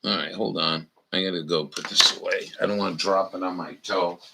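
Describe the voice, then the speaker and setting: A man hosting a casual livestream, showing knots slowly and cracking crude jokes with viewers in the chat. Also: low voice, steady tone, vocal fry, background noise. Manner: salty, crude humor with frequent swearing; slow, instructional, talking to chat viewers. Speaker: livestream host.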